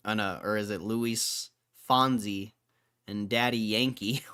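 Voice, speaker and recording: Man, casual streamer, smooth clear voice, laughs a lot, says bro. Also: mid-range voice, unhurried, pushed and bright. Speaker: livestream host. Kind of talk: casual livestream, reading comments aloud.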